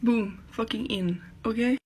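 A woman's voice: a little high, measured pace, a little mellow, breathy edge. A young woman crying and frustrated, talking half in whispers and swearing often into a phone held close in a self-filmed vlog.

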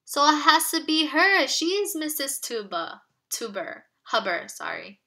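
Bright-voiced teacher reading aloud. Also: female voice, high-pitched, unhurried, vocal fry. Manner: expressive storytelling, asks children questions. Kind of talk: children's read-aloud with explanations.

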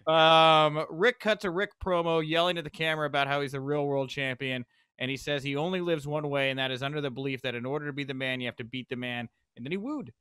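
A man hosts a casual podcast, recapping with quick, excitable asides. His voice sits a little high, and the sound is dry and close, with no room echo. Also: clear, resonant tone. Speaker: podcast host. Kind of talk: casual chat.

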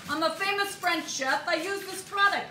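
A woman voicing a brash male infomercial chef with a New Jersey accent, pitching a kitchen gadget in a loud, pushy patter. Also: normal speed, reverberant, far from the mic, slight background noise. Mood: salesy.

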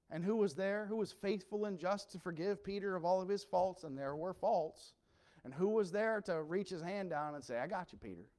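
A man preaching a sermon as pastor, passionate and earnest, dropping low and quiet then rising to loud emphatic cries.

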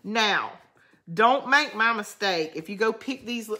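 A woman's voice: a little high, animated, takes it slowly, sharp tone, a little hiss or hum. Chatty Southern-drawl woman crafting live. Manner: rambling, chatty, answers viewer comments. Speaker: craft channel host. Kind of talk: casual live crafting chat.

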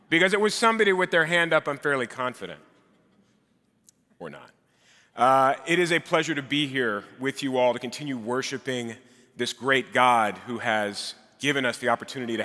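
Bright-voiced male preacher in a reverberant hall. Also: fairly high pitch. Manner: conversational, self-deprecating humor with filler "uh"s. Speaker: guest preacher. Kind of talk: sermon. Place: large church sanctuary.

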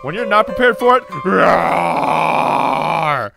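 A man's voice: sits high, big pitch swings, fairly quick, over music. A man hosting a horror game let's play, yelping and screaming at scares while chatting to viewers at a desk microphone. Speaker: let's play gaming host. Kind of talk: horror gameplay commentary.

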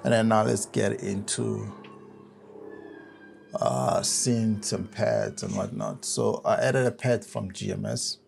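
A relaxed man from South Africa walks through building a track, step by step, like a casual tutorial. His voice sits low with a gravelly edge. A faint hiss runs under it. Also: takes it slowly. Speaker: music producer.

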